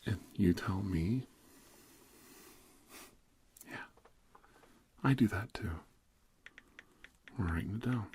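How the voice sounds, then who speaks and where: A middle-aged man plays a therapist in a whispered role-play. His voice sits very low and moves at an unhurried, slow pace. He rambles casually and keeps slipping from a relaxed speaking voice into soft whispers. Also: a little hiss or hum.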